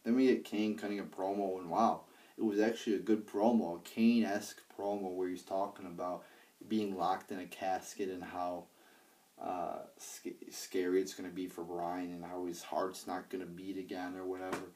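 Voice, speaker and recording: Low, dark-voiced man rambling a wrestling review. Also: little pitch movement, moderate pace, distant mic. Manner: rambling, profane, many fillers and restarts. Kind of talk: casual spoken review. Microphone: handheld iPad.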